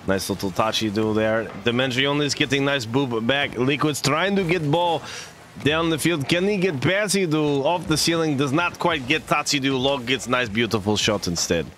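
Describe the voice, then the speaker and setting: A man's voice: mid-range voice, normal speed, a bit bright, a little hiss or hum, natural voice. A man voicing a cheerful male game commentator with a put-on Russian accent, dropping articles in playful broken English.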